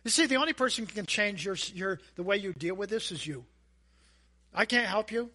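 A man preaching a sermon as a pastor, animated and asking the congregation questions. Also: high voice, fairly quick. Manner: animated, acts out voices and asides; asks the audience questions.

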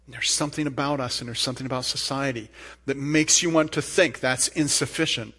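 A man preaching a sermon, earnest and emphatic, with rising bursts and soft asides. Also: medium pitch, steady tone, a little fast, breathy edge. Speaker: pastor.

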